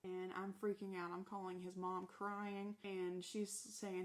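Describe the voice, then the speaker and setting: Flat-voiced woman telling her own story. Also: mid-range voice, measured pace. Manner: matter-of-fact retelling with quoted dialogue. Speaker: former corrections officer telling her story. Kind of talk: first-person storytelling.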